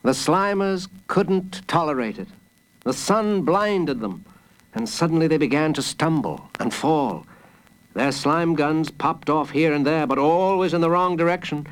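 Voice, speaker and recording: A man reading a children's adventure story aloud in an expressive, dramatic way. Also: on the high side, unhurried, rough recording. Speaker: narrator.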